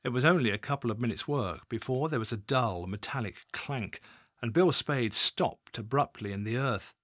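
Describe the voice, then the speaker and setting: A man reads a crime novel aloud with expressive, dramatic delivery, his pitch rising and falling in lively swings. His voice sits in a middle register for a man. The recording is close and dry. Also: normal speed, no room sound. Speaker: audiobook narrator. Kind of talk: scripted audiobook narration.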